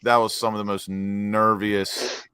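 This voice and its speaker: A man giving blunt, sweary thoughts in an excited fan chat after a match. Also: lowish voice, measured pace. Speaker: fan panel guest.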